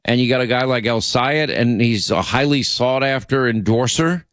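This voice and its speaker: A man's voice: medium pitch, normal speed, a bit bright, dry recording, clean studio sound. A man hosting a talk radio show, delivering an indignant opinion monologue full of restarts and asides. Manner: indignant, repeats himself, frequent uh and you know.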